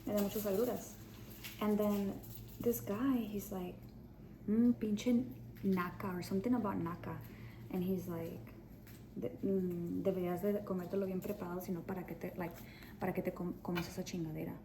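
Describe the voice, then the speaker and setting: A woman telling a storytime to her audience in a blunt, profane, animated way. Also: fairly low pitch, brisk. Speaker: storytime vlogger. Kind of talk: casual storytime. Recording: background noise.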